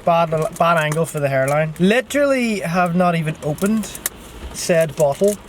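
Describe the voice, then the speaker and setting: A man's voice: fairly high pitch, lively intonation, normal speed, slight background noise. A young man, chatting casually and swearing freely as he vlogs from tour on a handheld action camera. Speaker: touring actor vlogging. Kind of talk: casual vlog chat.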